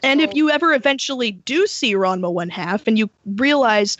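A woman's voice: fairly high pitch, animated, moderate pace, fairly bright tone, no echo. A woman co-hosting a podcast, ranting in casual chat and swearing freely. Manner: profane, ranting. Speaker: podcast co-host. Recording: dull lo-fi dry audio.

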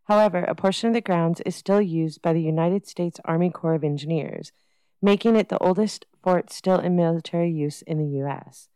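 Female podcast host reading her script, smooth, mellow tone, dry studio sound. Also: lowish voice, brisk, no echo, rough recording. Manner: reads a prepared script.

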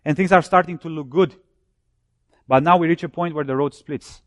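A man preaching a sermon, building his points through repeated phrases and dropping low and soft when he cites scripture. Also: moderate pace, no room sound.

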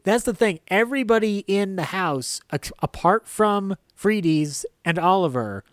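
A man co-hosting a casual film podcast, joking, laughing often and slipping into quick silly character voices. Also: high voice, expressive. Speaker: podcast co-host.

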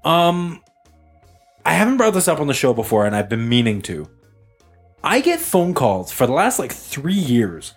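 A man's voice: on the high side, normal speed, breathy edge, faint music behind. A young man hosting a podcast, telling a story in a casual, joking way and acting out callers' lines. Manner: animated storytelling, jokey voices for callers. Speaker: podcast host. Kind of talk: casual chat.

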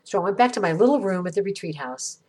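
A middle-aged woman from the United States hosting an inspirational podcast, reading a gentle, earnest script with reflective pauses. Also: medium pitch, lively intonation, breathy edge. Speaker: podcast host.

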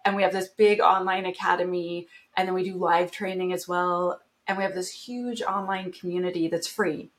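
A middle-aged woman, a guest on a podcast, tells her career story in a bright, chatty way. She is upbeat and expressive, laughing often and slipping into quick quoted asides. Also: lowish voice. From Canada. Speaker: guest, security founder. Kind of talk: casual storytelling interview.

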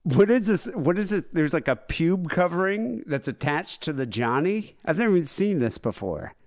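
A man's voice: on the high side, big pitch swings, moderate pace, a little mellow, dry recording, clean studio sound. A man co-hosting a podcast, rambling crude jokes with lots of fillers. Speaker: podcast co-host. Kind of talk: casual podcast banter.

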